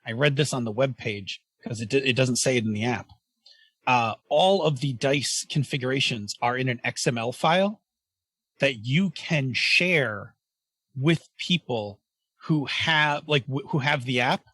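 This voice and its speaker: A man co-hosting a gaming podcast in casual chat, excitable and rambling, with many fillers and restarts. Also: mid-range voice, measured pace, breathy edge, no room sound. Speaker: podcast co-host.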